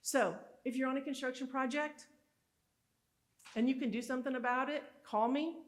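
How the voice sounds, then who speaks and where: A woman speaks at a live conference event, her voice sitting a little higher than most. She tells her stories with animated emphasis and frank candor. The delivery is a motivational speech to a room. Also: moderate pace. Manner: animated storytelling, emphatic and candid. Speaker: summit speaker.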